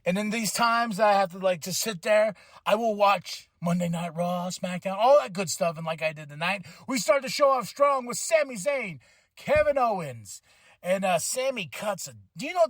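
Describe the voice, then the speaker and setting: High-voiced man recapping wrestling, rambling. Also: normal speed, dry recording. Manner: animated and rambling, with impressions and asides. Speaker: podcast host.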